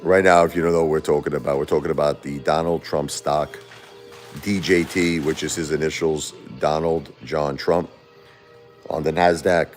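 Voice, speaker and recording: Rambling new guy in his 40s, real low voice, faint music behind him. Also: fairly even intonation, moderate pace. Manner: rambling, chatty, laughs often. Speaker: livestream host. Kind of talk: casual livestream chat.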